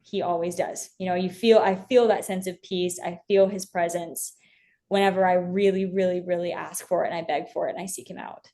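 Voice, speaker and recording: A woman's voice: on the low side, steady tone, a little fast, warm tone. A young woman as an interview guest, talking earnestly and from the heart about her faith, with many fillers and restarts. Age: young adult.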